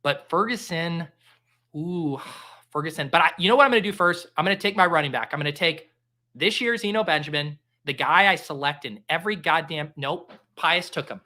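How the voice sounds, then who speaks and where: A man hosting a live stream, making casual commentary full of jokes and quick exclamations. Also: on the high side. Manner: animated, joking, quick exclamations. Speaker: livestream host.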